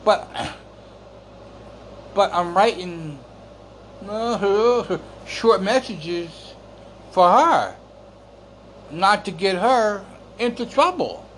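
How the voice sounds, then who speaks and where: Man, high animated voice, slow rambling rant, occasional coughs, light background hiss. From United States. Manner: exasperated, rambling, swears, repeats words. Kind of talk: casual storytelling rant.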